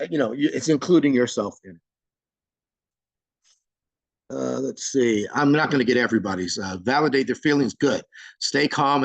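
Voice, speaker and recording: A man's voice: on the high side, gravelly, dry recording, low-quality recording. A man leading an online training session, reading out participants' answers and praising each one by name in a chatty, informal way. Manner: chatty and informal, frequent fillers. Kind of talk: live online training, reading chat replies aloud.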